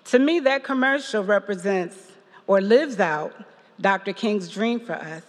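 A woman's voice: mid-range voice, a little slow. Woman telling a story in an echoing church. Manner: storytelling with quoted voices and laughter. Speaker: parishioner giving a reflection. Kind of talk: personal testimony at a church service.

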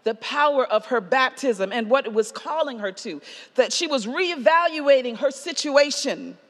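A woman pastor delivering a sermon, measured and slowing for emphasis, often dropping soft on key lines. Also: on the high side. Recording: long hall reverb.

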